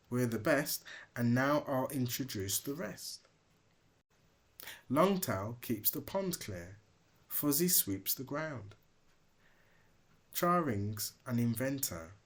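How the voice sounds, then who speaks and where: A man voicing a cheerful, bossy female mouse team leader who introduces her crew in brisk rhymes. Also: medium pitch. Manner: brisk, rhyming, businesslike. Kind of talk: storybook read-aloud.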